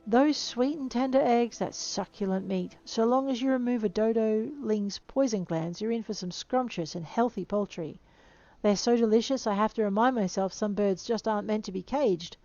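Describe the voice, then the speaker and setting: A woman's voice: a little high, normal speed, dark tone, no echo, lo-fi sound, lightly acted. A woman reading a gushing, doting farmer man. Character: gushing male farmer doting on his animals.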